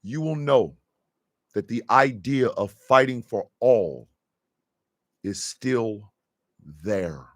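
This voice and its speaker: A man hosting a radio show, delivering an impassioned, profane rant that swings from a low intense murmur to shouting. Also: lively intonation, slow, pauses often, dry recording, studio quality.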